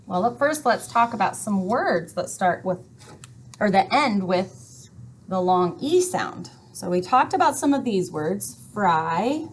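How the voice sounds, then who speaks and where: Woman doing a kids phonics lesson, slow and bouncy, goes up and down a lot. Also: a little high, husky. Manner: slow, sing-song storytelling with playful sound effects. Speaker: teacher.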